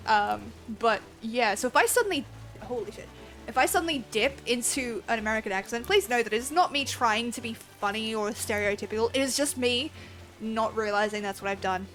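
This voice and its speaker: A woman's voice: on the high side, fairly quick, fairly bright tone, faint music behind, rough recording. A woman with an Australian accent, chatting casually and ramblingly on a game livestream and swearing freely. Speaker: game streamer.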